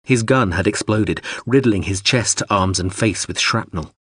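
Brief: very low, husky male narrator, dry close mic, measured reading. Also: fairly bright tone, no echo. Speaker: audiobook narrator. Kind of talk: scripted narration.

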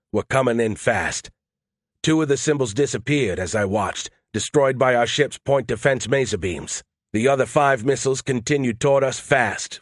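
Male audiobook narrator, first person, steady and tense, dry recording. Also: medium pitch, no echo.

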